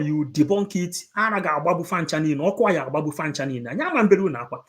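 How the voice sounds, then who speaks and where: A man's voice: fairly high pitch, expressive, quick pace, few pauses, a little hiss or hum. Impassioned man preaching. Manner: emphatic, repetitive, shifts between English and Igbo. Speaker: preacher addressing supporters.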